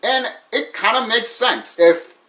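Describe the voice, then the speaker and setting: A man's voice: very high-pitched, slow, sharp tone, roomy sound. A young man casually talking to his viewers about a fan theory, rambling, stumbling over his words and restarting sentences. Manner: rambling, stuttering and restarting, says so himself. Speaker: vlogger sharing a fan theory. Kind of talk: casual rambling talk to camera.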